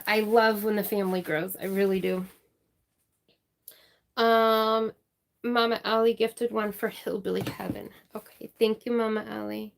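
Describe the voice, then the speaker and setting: A woman with a slightly high, gravelly voice hosts a crafting livestream. She speaks slowly and chattily, reading out names and thanking her viewers warmly.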